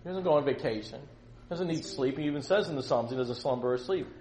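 A middle-aged man teaching from the Bible to a small group, acting out quotes loudly and joking with his listeners. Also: mid-range voice, fast. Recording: echoey room with faint ambience.

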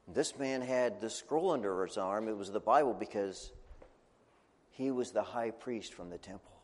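Animated man telling a children's sermon. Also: lowish voice, normal speed, long reverb tail. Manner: animated, chatty, asks the audience questions. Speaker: preacher telling a children's story.

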